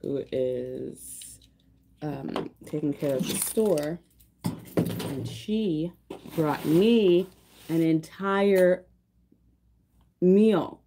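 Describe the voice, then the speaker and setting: A woman's voice: sits low, very slow, pauses often, warm tone, slight background noise. A young woman hosting a casual livestream, chatting and gushing to her viewers with lots of fillers. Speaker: livestream host.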